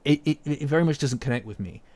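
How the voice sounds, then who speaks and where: He's a British anime commentator with a fairly high, slightly mellow voice, rambling to his stream audience while lo-fi music plays faintly behind him. He swears freely and gets worked up in no time.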